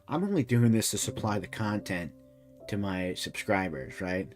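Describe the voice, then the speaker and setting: A man's voice: low-pitched, animated, moderate pace, faint music behind. A young man streaming, reacting to a video with rambling, profane casual commentary full of restarts.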